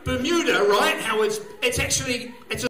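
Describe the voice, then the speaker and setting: This stand-up comedian's voice is very high-pitched and sharp, moving at a normal speed. Performing at a comedy venue for a live crowd, he rambles through crude material and cracks himself up. The sound is echoey, typical of a live room.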